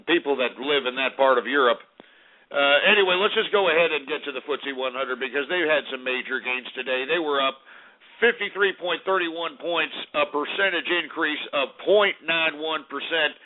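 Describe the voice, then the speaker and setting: Brash American radio host, tinny sound. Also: male voice, fairly high pitch. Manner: brash, rambling, swears and mocks. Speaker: radio talk show host. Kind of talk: casual market report on talk radio. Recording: tinny phone-like radio broadcast.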